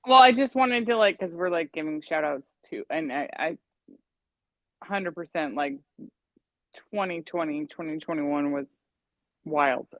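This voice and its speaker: A man co-hosting a live-streamed radio show, chatty and eager with loud bursts of enthusiasm. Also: fairly high pitch, measured pace, long pauses, dry recording. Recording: dull lo-fi mic.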